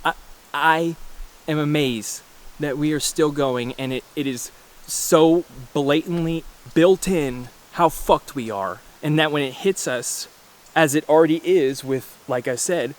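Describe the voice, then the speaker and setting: A man in his mid-thirties delivers a loose, rambling monologue to his viewers. He is blunt and swears freely, often restarting his sentences as he talks. His voice sits slightly high for a man. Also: measured pace. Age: 30s. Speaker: vlogger. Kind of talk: casual ranting monologue.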